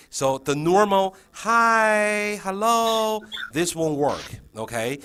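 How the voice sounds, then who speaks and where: Lively man coaching a trainee teacher. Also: medium pitch. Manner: checks in constantly, many fillers and restarts. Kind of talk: casual training session.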